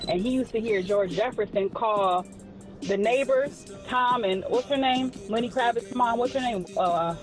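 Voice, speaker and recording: A woman telling stories in casual chat on a live stream, profane and animated, laughing often. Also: a little high, a little slow, poor audio. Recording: music playing in background.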